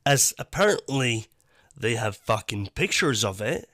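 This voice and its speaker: A man's voice: medium pitch, unhurried, no room sound. Blunt, cursing male commentator, dry mic. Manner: blunt, profane, animated. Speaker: YouTube commentator. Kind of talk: reaction commentary.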